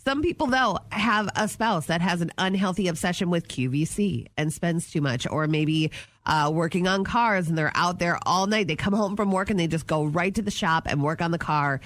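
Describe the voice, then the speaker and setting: A woman's voice: on the low side, moderate pace, a bit bright, no room sound. A woman co-hosting a radio show, chatting casually and gossiping with energy. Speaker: radio co-host. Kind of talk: casual morning radio banter.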